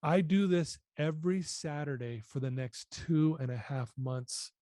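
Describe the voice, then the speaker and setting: A man's voice: a little high, unhurried, dark tone, dry recording, studio quality. A man in his fifties telling his personal story as a podcast guest, earnest and emotional.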